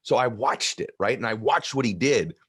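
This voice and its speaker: A man in his fifties with a deep voice, telling personal stories earnestly in a conversation. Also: animated, normal speed, a bit bright, slightly rough. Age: 50s. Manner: earnest, heartfelt. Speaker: guest.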